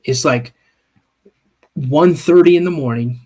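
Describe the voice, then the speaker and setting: A man's voice: fairly high pitch, a little slow, husky. A man co-hosting a live podcast, telling an encounter story in the second person with frequent restarts and check-ins. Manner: animated, builds scenes with second-person storytelling; frequent restarts and repeated "okay?". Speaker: podcast co-host. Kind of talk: live-stream storytelling chat.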